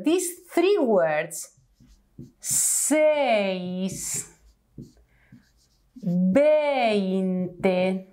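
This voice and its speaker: Woman, Argentine Spanish accent, Spanish teacher, slow careful delivery, lively up-and-down pitch, fairly high voice. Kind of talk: online language lesson.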